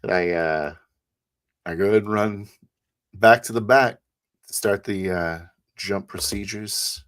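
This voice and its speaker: A man's voice: lowish voice, measured pace, pauses often, fairly bright tone. A man playing a tabletop role-playing game, describing his character's actions in loose, hesitant talk. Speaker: player. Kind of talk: casual tabletop role-play.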